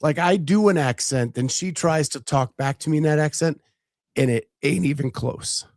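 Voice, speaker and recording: A man's voice: a little high, normal speed, a little mellow, dry recording, clean studio sound. A man hosting a casual talk show, chatting loosely with plenty of fillers and restarts. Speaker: podcast host. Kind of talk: casual chat.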